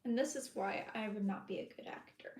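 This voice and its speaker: A woman chats casually on a livestream, playfully teasing the man she is talking with. Her voice sits at a middle pitch. The recording sounds roomy and echoing, with faint background noise. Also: a little fast, darkish tone. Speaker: co-host. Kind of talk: casual chat. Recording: echoey room with faint noise.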